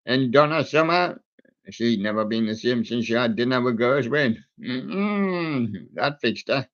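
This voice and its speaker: A man's voice: mid-range voice, fairly bright tone. A man hosting a live music stream, joking and punning on song titles as he goes. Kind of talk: playful music chat. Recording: dull lo-fi sound.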